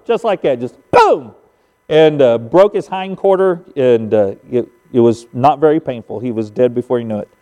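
A man's voice: a little high, warm tone, in a large hall. An older man preaching a sermon as pastor, telling folksy stories with emphatic sound effects. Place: church sanctuary.

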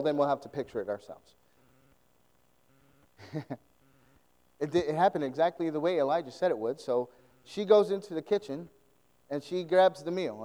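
A man's voice: fairly high pitch, big-room sound, rough recording. A man preaching a sermon, retelling a story with lots of laughter and acted-out voices. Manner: animated, laughing often, acting out scenes.

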